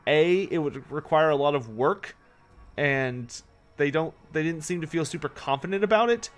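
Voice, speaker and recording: Chatty male game streamer, slightly high voice. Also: normal speed, soft background music. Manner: chatty, answers chat questions, swears when annoyed. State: tired, yawning. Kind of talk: casual live-stream commentary while playing.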